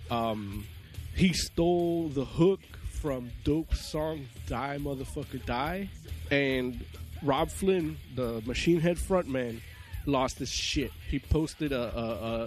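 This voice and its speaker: A man's voice: medium pitch, darkish tone. A man hosting a heavy metal news segment, ranting crudely and mocking with constant swearing. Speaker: podcast segment host. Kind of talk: profane ranting commentary.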